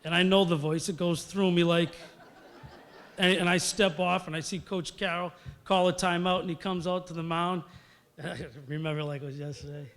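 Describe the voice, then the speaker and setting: A man's voice: sits high, steady tone, normal speed, fairly bright tone, in a large hall. Middle-aged New man telling stories. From Massachusetts. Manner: storytelling, conversational with fillers, acting out quotes. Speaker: hall of fame inductee. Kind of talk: acceptance speech.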